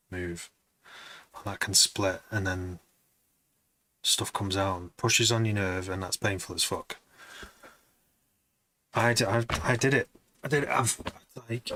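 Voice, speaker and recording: A man's voice: on the low side, sharp tone. A man producing music on a live stream, chatting to viewers in a rambling, casual way.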